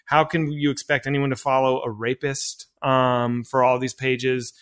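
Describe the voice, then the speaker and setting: A man's voice: mid-range voice, a little slow. Chatty man telling a story. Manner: animated anecdote-telling with many fillers and restarts; acts out quoted dialogue. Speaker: filmmaker guest. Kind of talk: casual storytelling interview.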